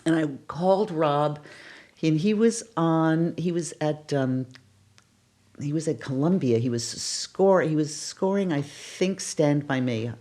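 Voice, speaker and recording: A woman's voice: low-pitched, slow pace. An older woman, a casting director, telling stories in a podcast interview and acting out the exclamations she quotes. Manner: animated, acts out quoted exclamations.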